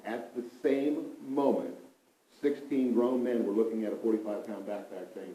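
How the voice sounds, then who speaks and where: A man recounting a mission trip story to a group, with animated, emphatic storytelling that often repeats itself. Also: lowish voice, normal speed. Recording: roomy, from a distance.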